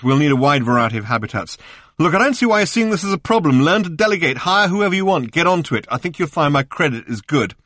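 A man's voice: medium pitch, quick pace, hardly any pauses, a bit bright, dry recording, studio quality, natural voice. A man voicing a brash, pushy alien man in an audiobook, talking in a brusque, bossy way.

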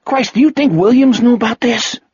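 A man's voice: sits high, big pitch swings, measured pace, breathy edge, dry recording, pitched above the performer's own voice, full character voice. A man voicing a male police officer who is shocked and agitated, calling out urgently. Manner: exclaiming, urgent. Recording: dull, dry lo-fi audio.

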